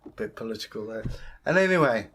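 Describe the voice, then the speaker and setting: A man's voice: on the low side, animated, fairly bright tone. A man, host of the channel, telling a folktale in a casual, playful way. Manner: unhurried, playful, slips into voices.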